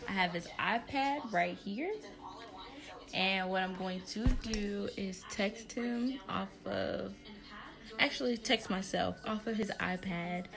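A young woman, chatting excitedly in a casual vlog from home. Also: medium pitch, takes it slowly, creaky, over music. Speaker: vlogger.

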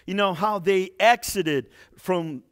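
A man pastor preaching a sermon, reading scripture dramatically with acted-out quotes and dropping to quiet low asides between loud points. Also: takes it slowly, smooth.

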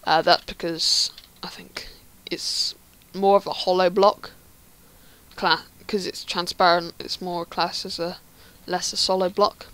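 A woman with a fairly low voice talks through a game tutorial. She rambles, restarts, and fills pauses with plenty of ums. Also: level tone, a bit bright, smooth. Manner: rambling, hesitant, many ums. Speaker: Minecraft tutorial creator. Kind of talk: casual gameplay tutorial.

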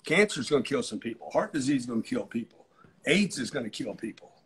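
A man's voice: mid-range voice, big pitch swings, quick pace. Brash, profane middle-aged man. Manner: brash, profane, repeats and yells for emphasis. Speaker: motivational speaker. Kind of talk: livestream motivational talk.

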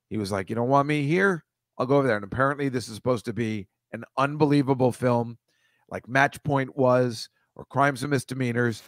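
A man hosting a comedy show, wandering from bit to bit with profane, sarcastic commentary. His voice sits at an average male pitch. The recording is close and dry. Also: no echo. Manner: rambling, profane, sarcastic asides. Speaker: comedy podcast host. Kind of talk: casual comic riffing.

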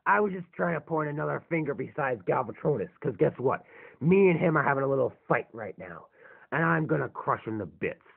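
A man's voice: mid-range voice, animated, brisk, gravelly, breathy edge. A man voicing a scheming, boastful male robot villain in a fan robot drama, speaking in a gloating, menacing way. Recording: tinny lo-fi phone-like recording.

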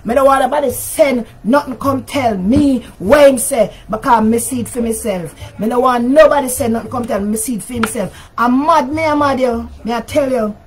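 An older woman with a Jamaican accent, hosting a livestream rant in which she scolds and insults someone over and over, sometimes shouting. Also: fairly high pitch, moderate pace, few pauses. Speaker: talk show host.

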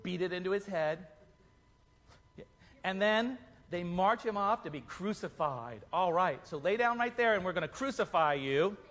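Animated man narrating a kids' church play. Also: high voice, normal speed. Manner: animated, playful storytelling to children. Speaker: children's ministry leader narrating a play. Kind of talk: narrating and directing a children's Easter play. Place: church hall. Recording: echoey church hall.

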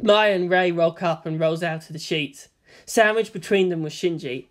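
A woman narrating a fan fiction story in an expressive storytelling manner. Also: on the low side, moderate pace.

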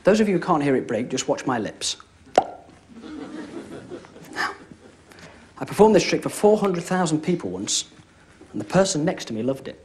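Very animated and fairly high-voiced, this young magician moves at a moderate pace with frequent pauses, keeping up joking, chatty comedy patter and checking in with "all right?" again and again. The live TV studio audience setting carries slight background noise.

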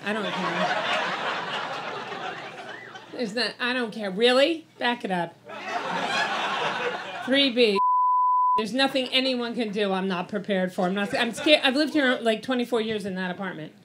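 A woman's voice: mid-range voice, moderate pace. A woman in her fifties doing a stand-up routine in a comedy club, telling brash, profane, self-mocking stories. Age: 50s. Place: comedy club in front of an audience. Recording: live club recording with audience noise. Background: audience laughter.

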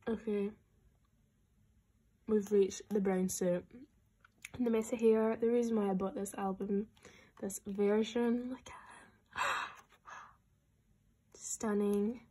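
At home with an album to unbox, a young vlogger gushes with excitement, speaks to her pets, and frequently lowers her voice to a whisper. She has a husky, medium-pitched voice and takes things slowly, with long pauses.

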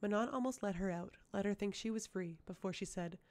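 A woman reading a fantasy novel aloud as an audiobook, at a measured, even pace. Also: medium pitch. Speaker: audiobook reader. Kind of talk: audiobook narration.

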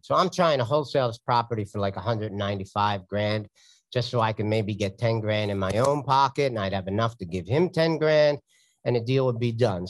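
A man's voice: mid-range voice, a bit bright, dry recording. Blunt, sarcastic man. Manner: blunt, storytelling, sarcastic asides. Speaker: real estate investor teaching from his deals. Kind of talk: casual teaching talk over slides.

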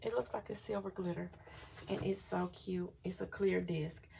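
Woman, planner vlogger, chatty, gushing, gravelly voice, faint background noise. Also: on the low side, fairly even intonation, moderate pace, darkish tone. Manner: chatty, gushing, says y'all often. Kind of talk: casual planner flip-through.

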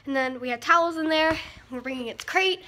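A woman's voice: high voice, a little fast. A young woman vlogging at home, bubbly and gushing as she talks. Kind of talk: excited home vlog. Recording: loud background noise.

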